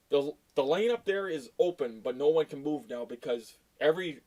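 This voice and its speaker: A man's voice: fairly high pitch, a little mellow. A middle-aged man from Canada, a tow truck driver, telling a story in a blunt, profane and exasperated way. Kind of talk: casual storytelling rant.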